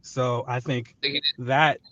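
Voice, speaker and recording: A man's voice: medium pitch, flat delivery, slow pace, fairly bright tone, dry recording, lo-fi sound. A man on a podcast panel joining over a remote line, chatty and a little defensive. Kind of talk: casual panel discussion.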